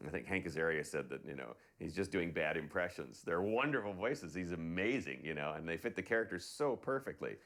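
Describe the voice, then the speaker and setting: A man with a low voice gives a documentary interview. He speaks in a relaxed, reflective way, thinking aloud about his craft. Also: a little fast, few pauses. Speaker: voice actor.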